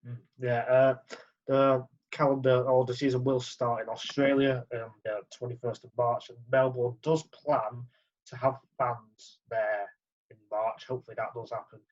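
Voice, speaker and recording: A man's voice: medium pitch, little pitch movement. A man co-hosting a casual podcast and reading out the week's news, often stumbling and restarting his sentences. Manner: halting, stumbles over words. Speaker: podcast co-host presenting news. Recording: dull lo-fi audio.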